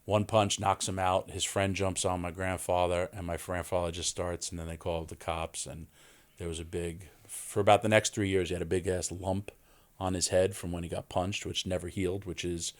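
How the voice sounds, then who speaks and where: Forties New man, low-pitched, animated podcast guest storyteller. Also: moderate pace. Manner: animated storyteller, acts out quoted voices. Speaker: wrestling guest.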